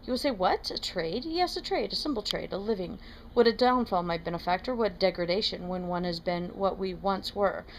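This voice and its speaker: A woman reading aloud, voicing a scheming, fawning middle-aged man who wheedles and flatters. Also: medium pitch, brisk, a little hiss or hum, natural voice, rough recording. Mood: wheedling. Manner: ingratiating, wheedling.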